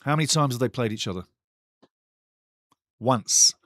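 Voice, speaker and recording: A man's voice: mid-range voice, expressive, normal speed, a bit bright, no echo, studio quality. A man hosting a live football watchalong, chatting with viewers, reading their comments aloud and giving blunt, outspoken opinions while repeating himself often. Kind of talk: live stream chat and football talk. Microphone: desk microphone.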